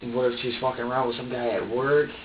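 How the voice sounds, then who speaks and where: Halting man in an echoey interrogation room. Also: mid-range voice, flat delivery, a little hiss or hum. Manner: halting, repeats himself, swears. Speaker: suspect under police questioning. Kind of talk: recounting events in an interrogation. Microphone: distant room camera mic. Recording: dull, echoey room audio from far off.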